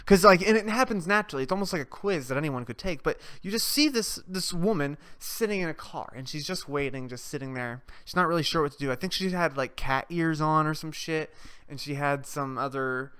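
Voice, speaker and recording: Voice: medium pitch, fairly quick, a bit bright, clear, resonant tone. A young adult podcast host ranting off the cuff, profane and rambling, sarcastic and laughing at their own jokes. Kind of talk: off-the-cuff solo rant.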